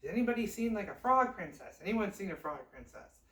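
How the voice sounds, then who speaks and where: A woman's voice: fairly low pitch, animated, normal speed, natural voice. A woman voicing a rash young prince with a casual, sheepish manner. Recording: roomy, distant mic.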